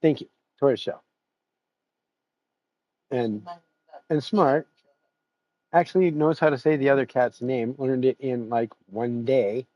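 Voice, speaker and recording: A man's voice: medium pitch, fairly even intonation, takes it slowly, long pauses, a little mellow, muffled recording. A man hosting his stream, chatting casually in a rambling, profane way and laughing often. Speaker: streamer host. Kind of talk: casual chat after a sim race stream.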